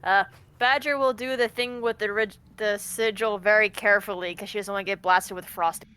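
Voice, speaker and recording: A woman's voice: mid-range voice, fairly even intonation, brisk, bright, forceful tone, a little hiss or hum. A woman playing a tabletop game, describing what her character does in the third person. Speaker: player. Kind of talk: casual tabletop game chat.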